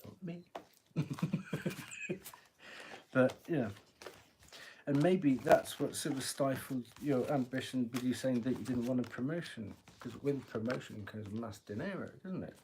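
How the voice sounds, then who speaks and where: A man's voice: mid-range voice, unhurried, a little mellow, a little hiss or hum. A man giving a live-stream tarot reading, chatty and joking, laughing often and swearing casually, talking into a phone. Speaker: tarot reader.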